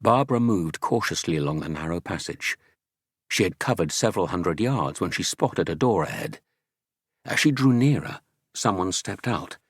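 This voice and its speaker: A man narrating an audiobook in a steady, dramatic storytelling manner, close to a studio mic. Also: deep voice, normal speed, slightly rough, no room sound.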